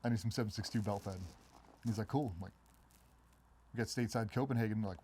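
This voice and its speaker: Husky and middle-aged, this ex-Navy SEAL guest tells stories rapidly and with animation during a casual interview. Quoted voices come out much higher as he acts them out.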